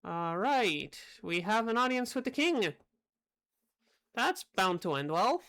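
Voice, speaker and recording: A young woman giving live gameplay commentary, dry and sarcastic in her asides. Her mid-pitched voice swings widely up and down, often jumping high when she questions things. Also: sing-song, slow pace, a bit bright. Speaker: game streamer.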